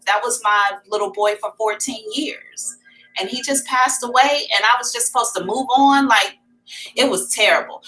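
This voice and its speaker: A woman's voice: medium pitch, pushed and bright, low-quality recording. A middle-aged woman hosting a psychic livestream, chatting candidly and calling her viewers y'all. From America. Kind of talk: casual livestream chat.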